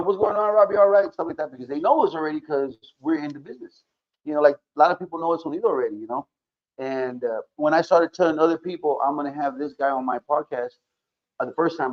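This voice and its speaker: A man hosting a podcast, chatting casually and giving many shout-outs, mixing in Spanish words. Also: mid-range voice, dull audio. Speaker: podcast host.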